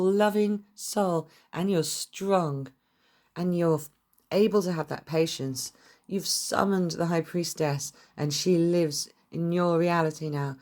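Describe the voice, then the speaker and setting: A woman's voice: on the low side, darkish tone. A young woman reading tarot cards to camera in a chatty, gushing way, swearing freely. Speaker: tarot reader.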